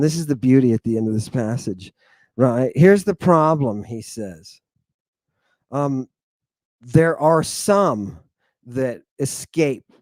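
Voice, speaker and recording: A man lecturing his congregation in a theatrical way, swinging between loud outbursts and low mutters. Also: dry recording. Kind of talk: animated lecture with asides.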